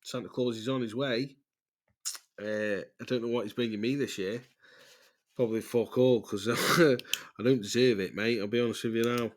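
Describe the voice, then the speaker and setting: A man's voice: mid-range voice, fairly even intonation, normal speed. A man, hosting a casual, rambling voice-note podcast, loose and chatty, swearing freely and laughing at himself. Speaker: podcast host.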